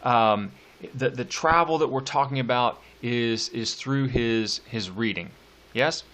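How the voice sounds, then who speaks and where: A male teacher delivers a recorded lecture on poetry, reading verse slowly with stretched-out stresses and dropping casual remarks between lines. His voice is medium in pitch and a bit bright.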